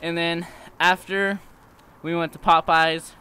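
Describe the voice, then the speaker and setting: A man's voice: fairly high pitch, little pitch movement, takes it slowly, sharp tone, clear, resonant tone. A teenage boy telling a story casually, swearing and laughing as he goes.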